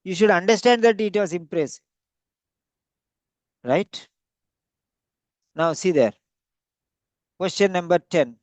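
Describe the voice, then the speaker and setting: Casting: high-pitched male teacher, emphatic and repetitive, dry close sound. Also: animated, takes it slowly, pauses often, a little mellow, dry recording. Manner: repetitive, emphatic, stretches key words. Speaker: English teacher. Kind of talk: classroom lecture.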